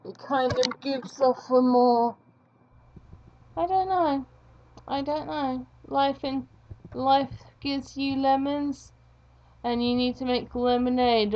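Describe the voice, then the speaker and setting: Young girl rambling slowly while she draws, kinda high voice, jokes at her own expense, dull muffled mic. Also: a little mellow. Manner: rambling, self-mocking chatter. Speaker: art vlogger. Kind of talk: casual chat while drawing.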